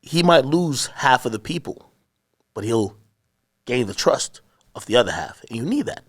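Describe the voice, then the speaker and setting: A man in a casual interview, spinning a long story from memory. His speech is loose and profane, with plenty of restarts along the way. His pitch swings widely as he talks. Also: expressive. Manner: profane, rambling, quick anecdotal storytelling. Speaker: interview guest, media personality.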